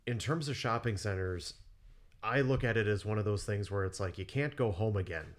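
A man hosting a history podcast, leading a casual interview. He phrases his questions loosely, with plenty of fillers along the way. His voice sits fairly low. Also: fairly quick. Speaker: podcast host.

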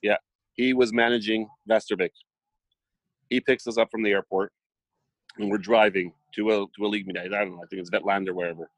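A man's voice: on the low side, fast talker, pauses often, no echo. A man chatting casually, telling anecdotes and acting out the dialogue. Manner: animated storyteller, acts out dialogue. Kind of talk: casual chat.

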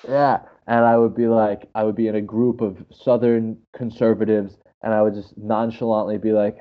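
Low-voiced man in casual chat. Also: moderate pace, few pauses. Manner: animated, laughing storyteller. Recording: dull lo-fi audio.

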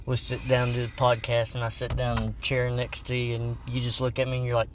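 A man co-hosting a podcast, chatting casually and joking around, sometimes breaking into loud goofy voices. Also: mid-range voice, monotone, fairly quick, slight background noise. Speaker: podcast co-host.

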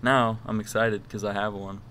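A man's voice: lowish voice, flat delivery, normal speed, a bit bright, slight background noise. A young man co-hosting a podcast, rambling through crude, joking stories with lots of fillers. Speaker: podcast co-host. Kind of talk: casual chat.

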